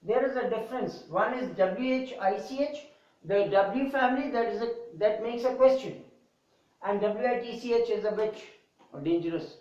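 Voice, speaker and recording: A man's voice: high voice, darkish tone. Male English teacher, spells out words, echoey roomy sound, dull lo-fi audio. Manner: slow and deliberate, spells out letters and repeats words. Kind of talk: English pronunciation lesson. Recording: echoey, distant, dull lo-fi room.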